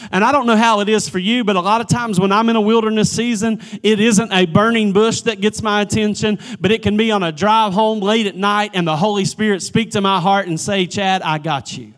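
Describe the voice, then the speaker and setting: A man preaching a church sermon, swinging from emphatic pleading to hushed, near-whispered lines and often repeating the first word of a phrase. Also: sits high, steady tone, a little fast, hardly any pauses. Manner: repeats words at starts of phrases. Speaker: pastor.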